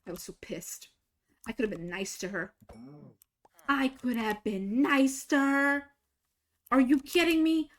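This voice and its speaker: A young woman streaming a game, casually telling a story, swinging between exasperated, swearing outbursts and quiet asides. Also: a little high. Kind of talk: casual storytelling while gaming.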